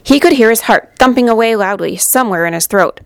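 A woman reading a children's storybook aloud in a gentle, expressive way, with a slightly gravelly voice. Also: a little high, quick pace, no echo. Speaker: narrator.

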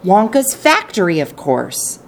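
A woman voicing an old grandfather telling secrets in an audiobook reading, speaking low, hushed and confiding. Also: very animated, measured pace.

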